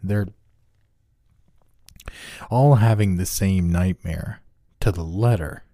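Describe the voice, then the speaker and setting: A man voicing a nervous young man with a nasal voice who blurts his words in a hurried rush, read as part of a horror story. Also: sits low, animated, dark tone, dry recording, studio quality. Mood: eerie.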